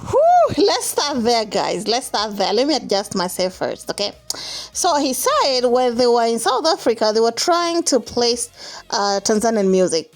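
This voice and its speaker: A woman's voice: a little high, sing-song, unhurried. A woman hosting a chatty reaction vlog, translating a clip and joking with viewers, calling them honey. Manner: playful, calls listeners honey, laughs often. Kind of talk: chatty commentary.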